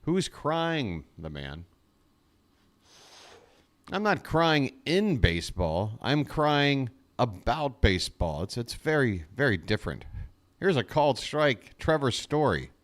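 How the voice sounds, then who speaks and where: Fan announcer, male, slow drawling delivery, frustrated jokey commentary. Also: mid-range voice, sing-song, fairly bright tone. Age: adult. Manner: exasperated, sarcastic, jokey asides. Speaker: fan play-by-play host. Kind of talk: live fan play-by-play commentary.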